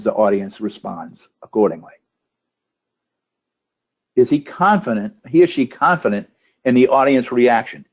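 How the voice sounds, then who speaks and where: A man's voice: on the low side, darkish tone, dull audio. Man running through judging questions. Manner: asks a string of checklist questions, with restarts. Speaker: webinar trainer for contest judges. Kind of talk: instructional webinar talk. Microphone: computer microphone on a webinar call.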